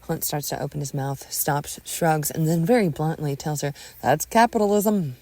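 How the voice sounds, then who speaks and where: A woman narrating a scripted audio story in an expressive storytelling manner on a close mic. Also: low-pitched, normal speed.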